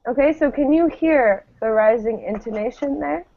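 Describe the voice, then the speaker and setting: A woman teaching an online English class, explaining things patiently and pausing with frequent ums. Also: fairly high pitch, creaky, no echo. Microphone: video call. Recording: tinny phone-like call audio, dry.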